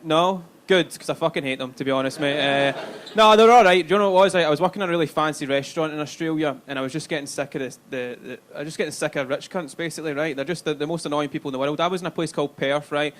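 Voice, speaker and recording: The man's voice is fairly high and fairly bright, delivered very fast with few pauses. He's a stand-up comedian from Glasgow, Scotland, doing a chatty, sweary live set at a comedy club in a Glaswegian accent and checking in with the crowd.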